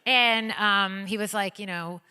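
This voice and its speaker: A woman being interviewed onstage in an auditorium, telling stories in a bubbly, excited way full of likes and ums. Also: medium pitch, measured pace, smooth. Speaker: guest, pop singer and author. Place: auditorium stage before an audience. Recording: long reverb of a hall.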